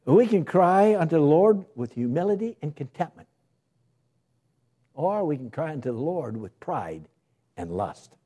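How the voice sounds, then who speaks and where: A male pastor preaches in a lively way, his voice swinging from high to low. He keeps asking rhetorical questions with firm emphasis. His voice sits slightly higher than most men's. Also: unhurried, pauses often, slightly rough. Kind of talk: sermon.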